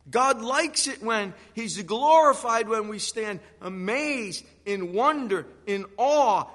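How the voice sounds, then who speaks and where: A man delivers a sermon with a high, bright voice that swings widely in pitch. He acts out the quotes he reads in an animated way. His voice carries a long reverb, as if in a big hall. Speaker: pastor.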